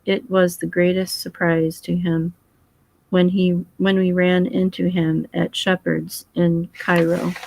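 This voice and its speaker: A woman's voice: lowish voice, level tone, slow, vocal fry, a little mellow, exaggerated voice, low-quality recording. A woman reading as a boyish young husband. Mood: earnest.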